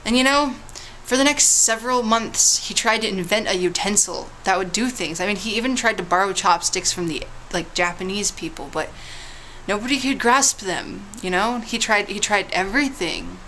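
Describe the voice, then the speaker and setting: A woman's voice: mid-range voice, moderate pace, bright, forceful tone, slight background noise, poor audio. A woman vlogging casually, telling a mock history tale in a playful, teasing way with big dramatic swoops.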